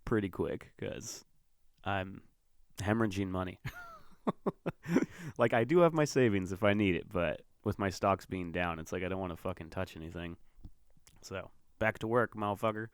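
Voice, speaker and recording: Profane rambling man, smooth low voice. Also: normal speed, pauses often, no echo, clean studio sound. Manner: rambling, profane storytelling with fillers. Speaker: podcast host. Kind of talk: casual monologue.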